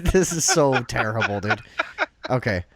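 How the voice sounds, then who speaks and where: A man's voice: mid-range voice, big pitch swings, slow pace, noisy background. A young man, hosting a casual talk show, telling a rambling story with frequent laughs and swearing. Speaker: podcast host telling a story. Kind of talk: casual chat.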